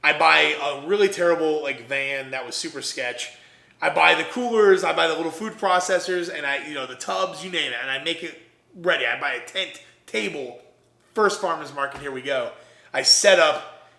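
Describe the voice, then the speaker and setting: A young man, a podcast guest, telling an animated story and acting out the voices of the people in it. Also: fairly high pitch, normal speed, vocal fry, roomy sound. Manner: energetic, acts out quoted voices.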